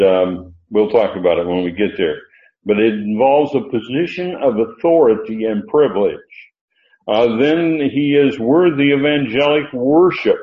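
An older man teaching a Bible study as a preacher, unhurried and halting, with many fillers. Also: lowish voice. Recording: roomy, dull lo-fi sound.

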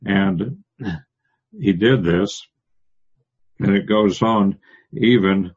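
A man teaching a Bible passage verse by verse, pausing often and restarting, explaining the Greek words. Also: fairly low pitch, darkish tone, slightly rough, dull audio. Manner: halting, many restarts and fillers, explains Greek word by word. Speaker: preacher.

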